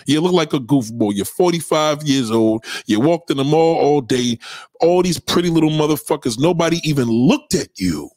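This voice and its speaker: A man's voice: on the high side, moderate pace, no echo, studio quality. A man delivering a profane, comedic rant to camera, telling stories with heavy swearing and street slang. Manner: animated storytelling, acts out quoted voices.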